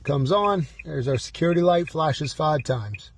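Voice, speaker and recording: A man's voice: on the high side, lively intonation, a little slow, background noise. A man demonstrating car key programming from inside a vehicle, talking through each step with bursts of mock panic. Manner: exaggerated mock panic, fretful exclamations.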